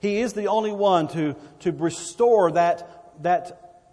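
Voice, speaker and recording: A man's voice: sits high, slow, mellow, big-room sound. A man preaching a sermon in church, repeating phrases and swelling then dropping his voice. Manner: preaching with repetitions and swells of volume. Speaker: pastor.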